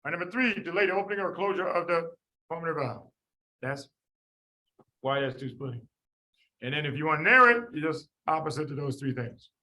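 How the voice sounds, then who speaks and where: A man tutoring medical students in a lively class, quizzing them by name and repeating the key points. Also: fairly high pitch, a little fast, pauses often, rough recording. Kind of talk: lively classroom teaching with drills.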